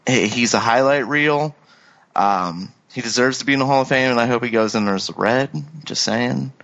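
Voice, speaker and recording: A man's voice: medium pitch, normal speed, vocal fry, a bit bright, highs cut off. A man talking casually on a podcast, hesitant, with many restarts and fillers. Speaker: podcast co-host. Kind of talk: casual chat.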